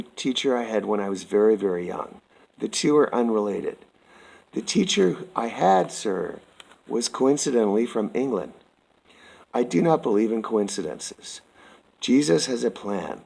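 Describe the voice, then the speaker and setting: A man from Canada reading a prepared statement aloud, slow, formal and earnest, addressing the listener as sir. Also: lowish voice, vocal fry, a little mellow, rough recording.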